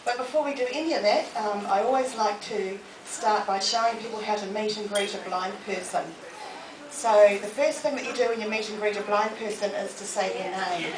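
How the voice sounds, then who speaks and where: A woman, giving a lively, humorous motivational talk to a live audience in a library. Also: mid-range voice, brisk, a crowd in the background. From New Zealand. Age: 40s. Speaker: motivational speaker. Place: public library hall. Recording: echoey room, distant mic, noisy.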